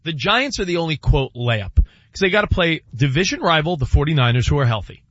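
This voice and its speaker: A man on a sports talk show, animated, laughing and arguing his point. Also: a little high, brisk, dry recording, muffled recording.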